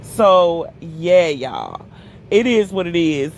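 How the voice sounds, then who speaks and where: A woman telling a casual storytime vlog while walking, animated and profane, often calling her viewers "y'all". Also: lowish voice, slow, a little hiss or hum. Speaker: storytime vlogger.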